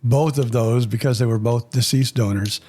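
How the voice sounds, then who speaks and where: A man's voice: medium pitch, steady tone, moderate pace, a little mellow. A man who hosts a podcast and is himself a transplant recipient, asking questions in a rambling way and restarting his sentences. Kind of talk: conversational interview.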